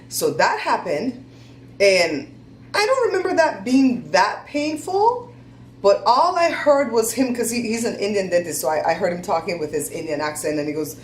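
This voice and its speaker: A woman's voice: medium pitch, very animated, normal speed, echoey room, slight background noise, low-quality recording. A woman hosting a casual chat, telling stories in a chatty, laughing, folksy way. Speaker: host.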